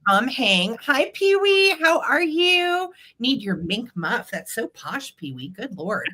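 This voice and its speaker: A woman's voice: a little high, sing-song, takes it slowly, pushed and bright. A middle-aged woman hosting a live vintage sale stream, bubbly and chatty, greeting viewers by name.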